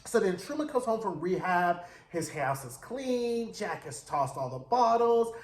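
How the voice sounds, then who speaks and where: High-voiced man recapping a show with slangy flair. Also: measured pace. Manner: slangy, animated storytelling that acts out characters' lines. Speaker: TV recap host. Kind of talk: casual TV episode recap. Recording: roomy echo.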